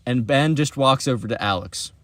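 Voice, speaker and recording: A young man telling a story in a casual, animated vlog style, with lots of chatty fillers. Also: mid-range voice, moderate pace, no room sound.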